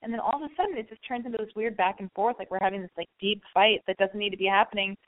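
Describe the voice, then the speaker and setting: A woman's voice: mid-range voice, rapid-fire. Chatty woman telling a story over a tinny line. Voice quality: chatty, forward and brash. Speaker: podcast host. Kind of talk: casual storytelling monologue. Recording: narrow phone-like sound.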